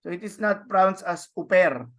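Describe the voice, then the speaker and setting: A man from the Philippines teaching a Greek grammar class, talking haltingly with many restarts and tag questions. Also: on the high side, fairly bright tone. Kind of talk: online class lecture.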